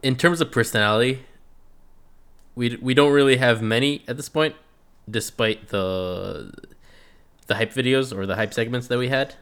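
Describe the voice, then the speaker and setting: A man co-hosting a casual review podcast, telling stories in a relaxed way and laughing often. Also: medium pitch, normal speed, pauses often, smooth. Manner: laid-back storytelling, acts out quotes, laughs often. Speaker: podcast co-host reviewing a reality show. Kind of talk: casual chat.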